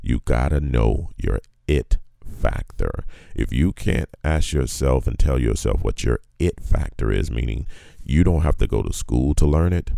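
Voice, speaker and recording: A man with a very deep bass voice, telling his story in a laid-back, colloquial, motivational way as a guest. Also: lively intonation, a little slow, vocal fry, hardly any pauses, dark tone, no room sound, clean studio sound.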